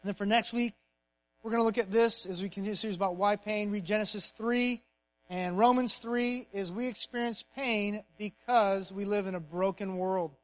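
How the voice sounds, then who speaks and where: High-voiced preacher, emphatic, then hushed. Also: male voice, steady tone, normal speed, poor audio. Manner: emphatic preaching that sinks to a soft, hushed prayer. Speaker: pastor. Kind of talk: sermon.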